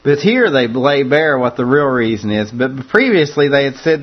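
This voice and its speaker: A man's voice: medium pitch, animated, normal speed, hardly any pauses, muffled recording. A man preaching a conversational sermon that walks through a scripture passage, often repeating words as he restarts his phrases.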